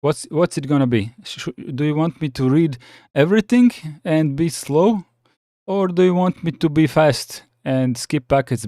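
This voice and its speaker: A man's voice: fairly high pitch, mellow, no room sound, clean studio sound. A man from the Balkans hosting a casual live chat, reading viewer comments and answering with many restarts and fillers. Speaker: livestream host reading chat.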